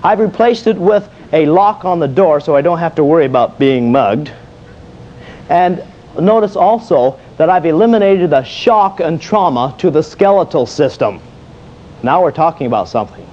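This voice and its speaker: A man with a high voice gives a folksy, jokey exercise lecture. He asks questions and answers them himself. The sound is dull and lo-fi, like an old video tape. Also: expressive, moderate pace, a little mellow. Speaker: fitness instructor.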